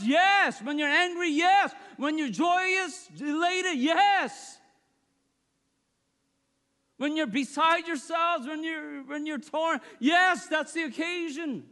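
Lively high-voiced male preacher in a hall. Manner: animated, swings from loud high exclamations to quiet low asides. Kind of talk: sermon. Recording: long hall reverb.

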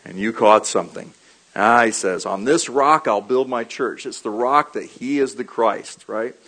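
Husky-voiced man preaching with animated stories. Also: mid-range voice, poor audio. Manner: animated storytelling with quick laughs and repeated key lines. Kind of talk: sermon.

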